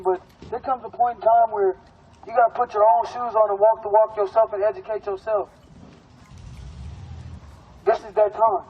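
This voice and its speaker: A high-voiced man addresses a protest crowd outdoors, emphatic and streetwise, cursing freely. The sound is muffled, with faint traffic behind him. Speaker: protest organizer. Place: outdoors in a park.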